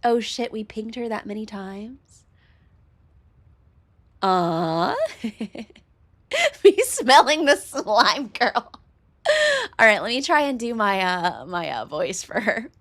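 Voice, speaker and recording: A woman's voice: medium pitch, normal speed, pushed and bright. A young woman streaming a game, chatting casually with laughter and profanity, self-mocking.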